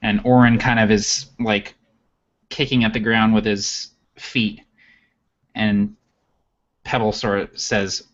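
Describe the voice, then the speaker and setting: A man's voice: lowish voice, little pitch movement, slow, pauses often. A man describing his character's actions in a tabletop game, hesitant, with many fillers, on a muffled recording. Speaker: player.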